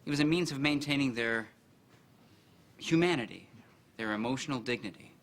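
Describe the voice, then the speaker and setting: A man's voice: mid-range voice, normal speed, fairly bright tone, close to an everyday voice. An actor playing an awkward young male boss who hesitates and stammers earnestly, in a sitcom. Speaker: news director boss. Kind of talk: sitcom acting.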